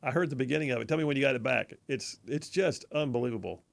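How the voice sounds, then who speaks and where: A man hosting a conservative talk radio show in a studio, mocking and animated, stretching words for emphasis. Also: medium pitch, fast talker, gravelly, very noisy. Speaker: radio host. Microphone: studio mic.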